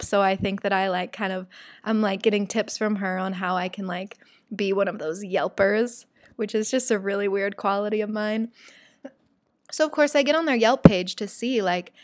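A woman's voice: mid-range voice, no echo. Chatty woman telling a story, dry sound. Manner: chatty, animated retelling with quoted voices. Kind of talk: casual storytelling.

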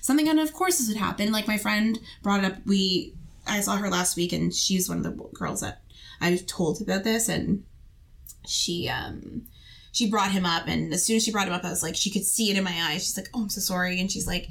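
A young woman from Canada, a podcast co-host, telling a personal story in casual chat with halting, rambling speech. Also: medium pitch, creaky.

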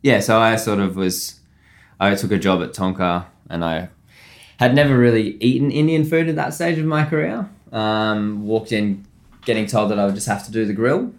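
A man's voice: fairly low pitch, steady tone, normal speed. A man, a chef in his thirties, telling stories in a casual interview, rambling with lots of fillers and laughing often. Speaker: chef, podcast guest.

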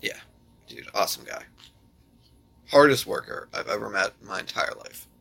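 A man's voice: lowish voice, wildly swooping pitch, normal speed, creaky, pushed and bright, husky. A man in casual chat telling jokes animatedly, with swearing and laughter.

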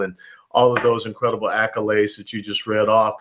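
A man in his sixties from Georgia with a Southern American accent, answering interview questions in a measured, formal way with frequent pauses. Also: on the low side, flat delivery, noisy background. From Atlanta, Georgia, USA. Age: 60s. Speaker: guest.

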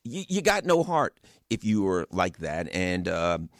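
A man's voice: sits low, sing-song, a little slow, no room sound, clean studio sound. A middle-aged man giving fiery, angry political commentary, full of rhetorical questions and mocking quoted voices. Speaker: radio guest commentator.

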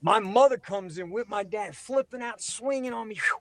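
A man in his forties telling a story in casual chat, animated and profane, laughing as he goes. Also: high voice, moderate pace. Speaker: podcast guest storyteller.

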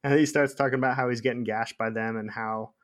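A man's voice: mid-range voice, quick pace. A man co-hosting a podcast, chatting casually about a novel and reading passages aloud. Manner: relaxed, reads passages aloud with laughs. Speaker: podcast co-host. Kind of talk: casual book club chat.

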